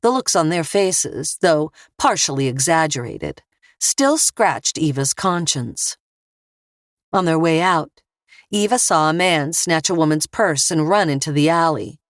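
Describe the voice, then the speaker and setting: A woman narrating a thriller audiobook in a measured, steady voice. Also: low-pitched, dry recording, studio quality. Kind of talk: scripted narration.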